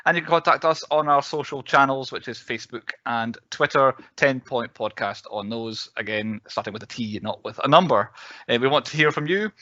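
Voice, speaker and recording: A man's voice: medium pitch, a little fast, bright, forceful tone, dry recording. A man hosting a casual podcast chat, rambling with lots of fillers and self-corrections. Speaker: podcast host. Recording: dull, dry recording.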